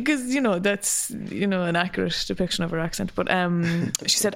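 A woman's voice: fairly low pitch, brisk, vocal fry, few pauses. Laughing woman telling a story. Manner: animated, laughing storyteller who swears freely. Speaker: podcast co-host. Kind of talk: casual storytelling chat.

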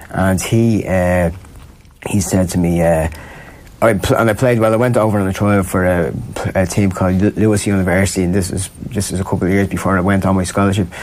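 A man's voice: fairly low pitch, darkish tone. A man with an Irish accent, a guest telling stories in a rambling, chatty way with frequent laughter. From Ireland. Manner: rambling, laughs often, many restarts. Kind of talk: casual storytelling chat.

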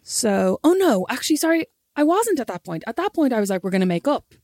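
A woman's voice: sits high, big pitch swings, brisk, darkish tone, no room sound, clean studio sound. A young Irish woman, a podcast co-host, telling a story in casual chat and acting out the quotes.

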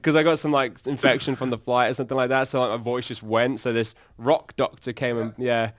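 An animated man tells tour stories in a casual interview, laughing as he acts out how he reacted. His voice sits at an ordinary pitch and sounds dry and close, with no room around it. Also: brisk, no echo. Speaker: band singer.

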